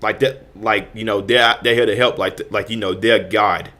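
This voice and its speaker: A man's voice: fairly low pitch, fairly even intonation, normal speed, sharp tone. Heated stammering man ranting. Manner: heated, repetitive, stammering restarts with frequent profanity. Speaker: host. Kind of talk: ranting commentary.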